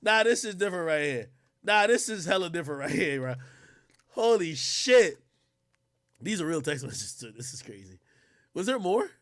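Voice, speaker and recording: A man co-hosting a livestream who reads text messages aloud and reacts loudly, using heavy slang and cursing. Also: fairly high pitch, big pitch swings, fairly quick, no room sound, studio quality. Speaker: livestream co-host. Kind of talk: casual livestream commentary, reading texts aloud.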